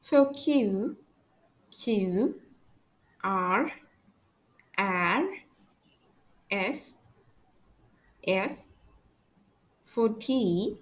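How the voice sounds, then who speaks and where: Brief: female language teacher, measured and deliberate, very slow delivery, mid-pitched voice. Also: low-quality recording. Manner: slow, careful letter-by-letter pronunciation. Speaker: French teacher. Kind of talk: slow spoken language lesson.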